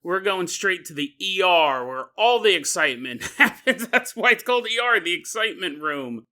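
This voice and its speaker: Bright-voiced jokey podcast host. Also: male voice, sits high, expressive, normal speed. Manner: jokey, laughs often. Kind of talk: comedic storytelling monologue.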